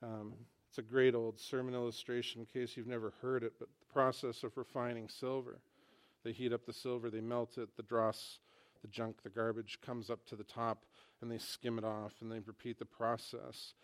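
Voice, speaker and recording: Brief: a mid-pitched man preaching in a church, casual and storytelling. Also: normal speed. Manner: conversational, animated storytelling with humor. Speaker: pastor. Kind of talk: sermon.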